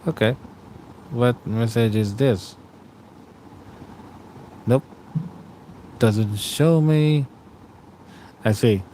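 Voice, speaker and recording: A man's voice: mid-range voice, drawn-out words, pauses often, slight background noise. A man in his thirties from Australia, chatting casually with stream viewers while lying tired in bed. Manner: relaxed, rambling, greets chat by name.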